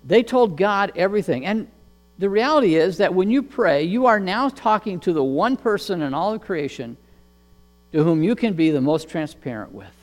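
Pastor guy preaching, pretty high voice, long hall echo, faint hum under it. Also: expressive. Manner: earnest, repeats words, measured pauses. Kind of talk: sermon.

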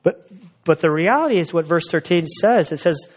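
A man's voice: a little high, lively intonation, moderate pace, highs cut off. A male pastor preaching a sermon in a conversational, storytelling way, full of fillers and restarts.

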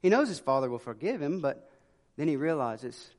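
A man preaching a sermon in an earnest way, dropping to a hush for emphasis. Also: a little high, sing-song, moderate pace. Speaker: pastor. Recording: long hall reverb.

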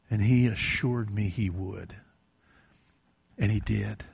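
An older man preaching a sermon in a church, telling a quiet personal story that swells into loud, drawn-out preaching. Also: fairly low pitch, fairly even intonation, gravelly, breathy edge. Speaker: pastor. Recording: dull lo-fi recording.

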